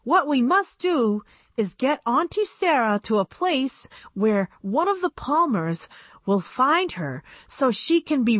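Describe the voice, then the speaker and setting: A woman voicing a clever, bossy young girl doll in a bright, eager voice. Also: high-pitched, dry recording, pitched above the performer's own voice, full character voice.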